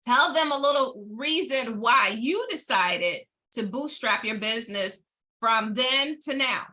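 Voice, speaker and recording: A woman co-hosting a podcast, leading the conversation with lively questions. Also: fairly high pitch, a little slow. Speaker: podcast co-host.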